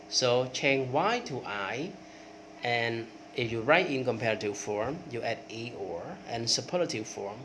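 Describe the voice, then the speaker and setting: A man's voice: mid-range voice, a bit bright, a little hiss or hum. A man whose first language is Khmer, teaching English grammar and drilling word forms aloud, with frequent checks of "okay". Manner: repeats word forms in drills, rising on examples, many okays. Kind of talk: grammar lesson.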